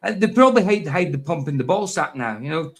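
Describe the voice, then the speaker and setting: A man's voice: on the high side, expressive, quick pace. A man co-hosting a podcast, reacting to clips in casual, mocking chat and often laughing. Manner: laughing, mocking, repeats phrases. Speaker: podcast co-host.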